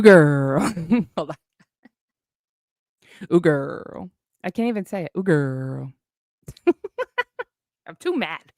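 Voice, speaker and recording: A woman's voice: medium pitch, no echo. Profane, heated woman ranting, dry sound. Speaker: streamer addressing online critics. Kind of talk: angry livestream rant.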